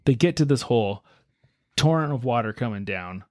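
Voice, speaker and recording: A man's voice: medium pitch, moderate pace, no echo, clean studio sound. Man telling a story on a podcast. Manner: relaxed storyteller, many fillers and asides. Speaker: podcast host. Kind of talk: casual storytelling chat.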